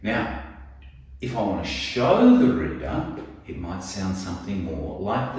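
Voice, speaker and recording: A man teaching children a writing lesson, speaking in an animated way and addressing the kids directly. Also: fairly low pitch, a little slow, a little hiss or hum. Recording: echoey room, mic at a distance.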